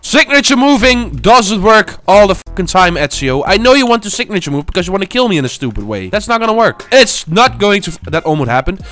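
A man's voice: high-pitched, sing-song, fairly quick, hardly any pauses, pushed and bright, soft background music. A man giving live gameplay commentary, swearing often and swinging between frustration and taunting his opponents while talking to viewers. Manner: talks to viewers. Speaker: gaming YouTuber.

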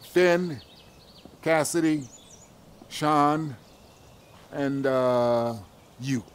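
An actor voicing a gruff, no-nonsense farm boss handing out pay in a video game. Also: male voice, a little high, very slow. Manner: blunt, businesslike.

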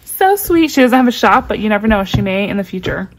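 A woman vlogger unboxing a package in casual chat, gushing with excitement and reading cards aloud slowly. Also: mid-range voice, very noisy.

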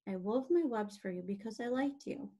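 A woman reading a calm, wise old spider. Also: fairly high pitch, lightly acted. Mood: tender. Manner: calm, measured, gentle. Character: wise, calm female spider, gentle and dying.

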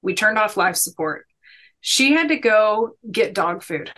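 A woman's voice: mid-range voice, animated, unhurried, sharp tone, a little hiss or hum. A woman in her thirties, a podcast guest, telling stories in an earnest, emphatic, motivational way. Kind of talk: conversational storytelling.

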